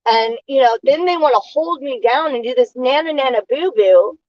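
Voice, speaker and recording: A woman's voice: sits high, no echo. Indignant woman ranting, dull lo-fi sound. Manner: indignant, aggrieved rant with halting pauses. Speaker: vlogger. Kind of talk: casual monologue to camera.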